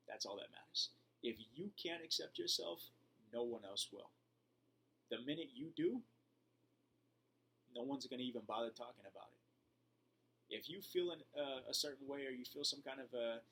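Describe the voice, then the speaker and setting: A man giving calm, earnest self-help advice to camera in a casual vlog. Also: mid-range voice, a little hiss or hum, low-quality recording. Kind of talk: motivational talk to camera.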